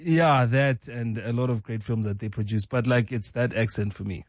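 A man's voice: mid-range voice, fairly even intonation, normal speed, no echo. Man, radio team member, casual, hesitant, dry close mic. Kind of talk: casual studio chat.

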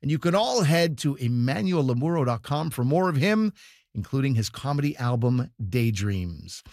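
A man's voice: mid-range voice, big pitch swings, normal speed, darkish tone, no echo, clean studio sound. A man hosting a comedy broadcast, reading scripted introductions of performers. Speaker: radio show host.

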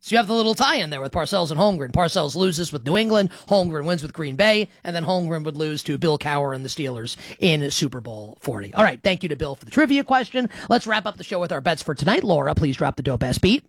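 A man's voice: a little high, animated, fast talker, few pauses, no echo. A man hosting a sports betting talk show, chatty and teasing, often restarting his sentences. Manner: chatty, teasing, self-correcting. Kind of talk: casual sports talk radio.

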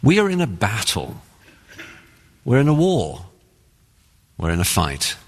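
A man with an English accent preaches with an earnest, emphatic delivery. His voice sits fairly low and swings widely up and down, and it trails a long reverb from the church hall. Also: huge pitch swings, a little slow, husky. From England. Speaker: pastor. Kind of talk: sermon. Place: church sanctuary.

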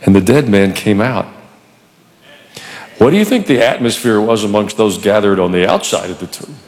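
A male pastor preaching a sermon in a church, animated and conversational with touches of humor. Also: on the low side, moderate pace, long reverb tail.

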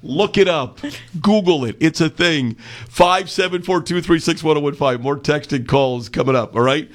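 A man's voice: fairly high pitch, normal speed. Playful male radio host. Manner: playful, laughing often. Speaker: radio morning show host. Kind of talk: casual radio banter reading listener texts.

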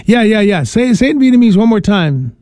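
A man's voice: sits high, sing-song, fairly quick, warm tone, no echo, studio quality. An older man, a priest hosting a call-in radio show, giving advice in a chuckling, rambling way with many restarts.

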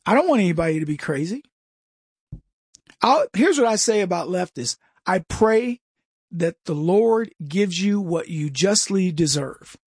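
A man hosting a casual political commentary monologue, mocking and chuckling with lively asides. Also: high voice, a little slow, husky, dry recording, studio quality.

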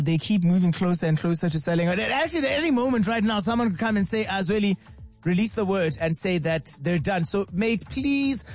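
A high-voiced South African man presents a radio show in a lively, chatty way. He keeps breaking into playful, sing-song bits. Music plays softly behind him in the studio. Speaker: radio host.

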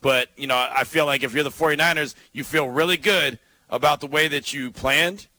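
A man hosts a sports radio show, talking energetically with quick rhetorical asides. His voice is a touch high and bright-toned. The delivery stays loose and conversational. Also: no echo, poor audio. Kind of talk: casual sports radio banter.

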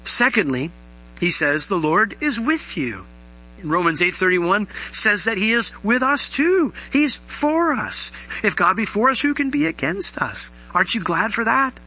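A man preaching a sermon as pastor, animated, his voice rising high on emphatic questions. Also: unhurried, rough recording.

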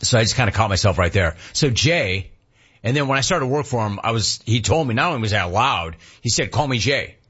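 Man, sports talk host, husky voice, joking and animated, dull lo-fi recording. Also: on the low side. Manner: animated, joking, quick asides. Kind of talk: casual talk reading listener messages.

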